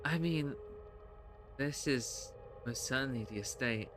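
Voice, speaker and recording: A streamer voicing an anxious, guarded young woman in a haunted house, speaking low and hushed. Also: a little slow, faint music behind, natural voice. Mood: tense. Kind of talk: voicing game dialogue.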